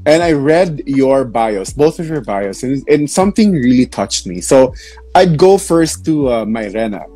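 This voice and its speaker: A man's voice: mid-range voice, lively intonation, measured pace, dark tone, no echo. A young man hosting a live interview, chatty and sympathetic, with loose casual fillers. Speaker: interview show host.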